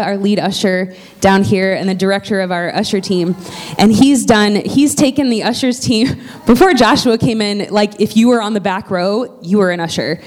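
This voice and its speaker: A woman's voice: medium pitch, a little mellow. A woman pastor making church announcements from the pulpit, chatty and heartfelt, with plenty of fillers and restarts.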